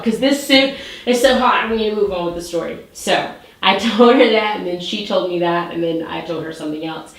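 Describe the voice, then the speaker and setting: A woman's voice: lowish voice, lively intonation, brisk. A young woman in her twenties hosting her own show, telling a story in a bubbly, chatty way full of likes. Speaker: show host. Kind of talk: casual storytelling. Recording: very echoey room.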